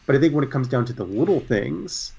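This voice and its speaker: A man co-hosting a casual sports talk show, speaking in a measured, thoughtful way and hedging his points. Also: medium pitch, expressive, gravelly, a little mellow, breathy edge. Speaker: sports podcast co-host. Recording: dull lo-fi sound.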